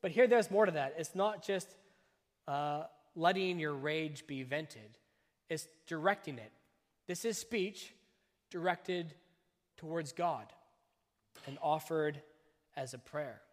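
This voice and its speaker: A man preaching a sermon as a pastor, with a measured, emphatic delivery that breaks his points into short, deliberate phrases. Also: fairly high pitch. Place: church. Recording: long reverb of a church hall.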